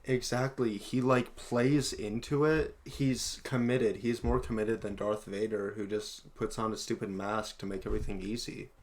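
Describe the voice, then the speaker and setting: A woman guesting on a casual movie-review chat, deadpan and playful in her remarks. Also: extremely low pitch, moderate pace, hardly any pauses.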